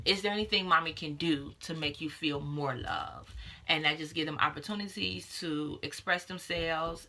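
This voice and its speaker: A woman's voice: sits low, normal speed, bright, forceful tone. A woman in her thirties, a doula and mother, talking earnestly and casually to camera with many fillers. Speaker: doula and vlogger.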